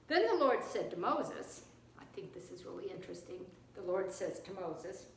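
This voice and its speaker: A woman teaching children, retelling and explaining a Bible story in an expressive way. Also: mid-range voice, normal speed, slight background noise. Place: church. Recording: echoey room, distant mic.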